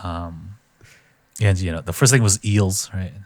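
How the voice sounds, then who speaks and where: A man co-hosting a podcast, retelling a show in casual chat and acting out quotes in sudden high voices. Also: a little slow, dry recording. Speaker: podcast co-host.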